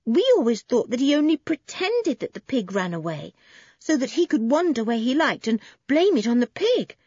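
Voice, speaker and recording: Lady doing a sweet young girl, soft coaxing tone, bit breathy. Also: fairly high pitch, very animated, moderate pace, no echo, muffled recording, pitched above the performer's own voice. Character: kind gentle young girl.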